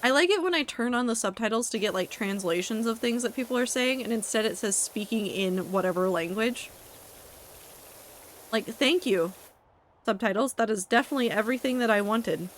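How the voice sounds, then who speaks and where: A woman's voice: a little high, expressive, normal speed, a little hiss or hum, low-quality recording. A woman streaming a game, chatting casually with her chat in a wry, talkative way and swearing now and then. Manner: chatty, wry, reacting to chat with asides and profanity.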